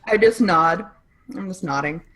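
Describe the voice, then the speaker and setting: A woman's voice: lowish voice, unhurried, fairly bright tone, poor audio. A woman playing a tabletop game, joking dryly in casual chat. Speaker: player.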